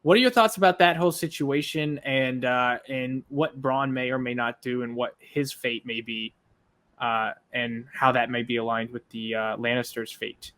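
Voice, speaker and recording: A man's voice: mid-range voice, fairly even intonation, normal speed, a bit bright. A man co-hosting a reaction show, casually posing long, rambling questions to his co-host. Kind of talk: casual discussion.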